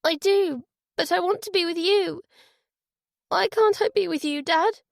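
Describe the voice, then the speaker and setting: Audiobook child: a woman doing a little girl, small nervous voice, hopeful, close to tears, pitched well up, dry close read. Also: expressive, moderate pace, no room sound. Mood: pleading. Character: young girl, nervous and hopeful, missing her father.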